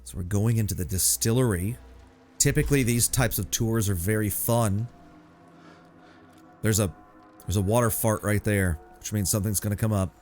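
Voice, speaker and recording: A man's voice: lowish voice, moderate pace, long pauses, darkish tone, faint music behind. A young man giving casual, joking commentary while playing a video game at home. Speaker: gameplay commentator. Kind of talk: casual let's-play commentary.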